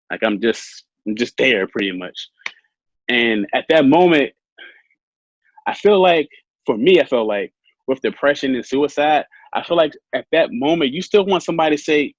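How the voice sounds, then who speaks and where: A man telling his own story as an interview guest, soft-spoken and halting with many fillers. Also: medium pitch, no room sound, muffled recording.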